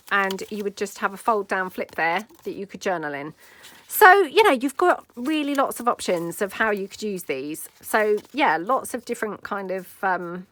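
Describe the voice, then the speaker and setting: A woman's voice: mid-range voice, a bit bright. A woman hosting a casual craft tutorial, rambling and chatty with lots of filler asides as she works at her craft table. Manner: rambling, full of "you know" fillers, friendly asides.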